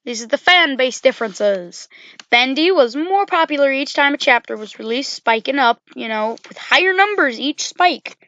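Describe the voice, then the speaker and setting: Woman, casual rambling game commentator, bright tone, dull dry home recording. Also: high voice, expressive, moderate pace, dry recording. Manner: rambling, full of "you know" and self-corrections.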